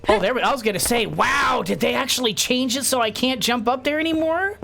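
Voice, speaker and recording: A woman giving casual, excitable commentary while she plays a game, chatting away with frequent gasps and laughs. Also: a little high, brisk, creaky, soft background music. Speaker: gameplay streamer.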